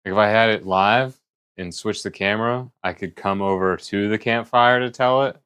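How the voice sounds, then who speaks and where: A man's voice: lowish voice, normal speed, fairly bright tone, clean tone. A man streaming live who rambles casually and thinks aloud as he talks. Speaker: livestreamer.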